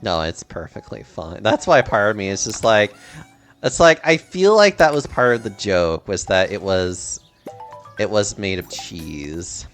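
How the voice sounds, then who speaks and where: A man from Texas chatting casually while streaming a game, animated and rambling, often laughing. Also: fairly low pitch, unhurried, faint music behind.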